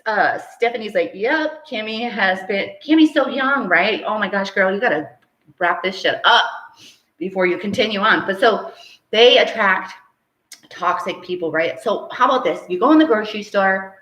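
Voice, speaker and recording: A woman hosting a casual live stream, teaching and reading out viewer comments, chatty and quick to laugh. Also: mid-range voice, expressive, a bit bright. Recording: roomy echo.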